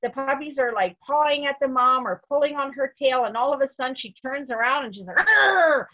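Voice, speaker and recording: A woman's voice: sits high, brisk. A woman dog trainer teaching a webinar with practical, step-by-step instructions. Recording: tinny phone-like webinar audio.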